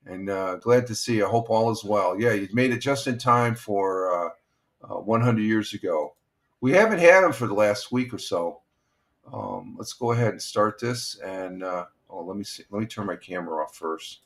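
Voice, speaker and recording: An older man hosting a casual morning livestream, talking in a rambling, halting way with lots of fillers. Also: fairly low pitch. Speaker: livestream host.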